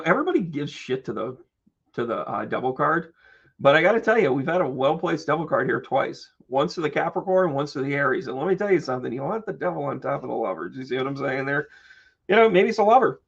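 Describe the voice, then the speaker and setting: A man hosting a live-stream tarot reading who chats with viewers, playful and joking with quick asides. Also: fairly high pitch, creaky, a bit bright, breathy edge, lo-fi sound. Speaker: psychic medium and tarot reader.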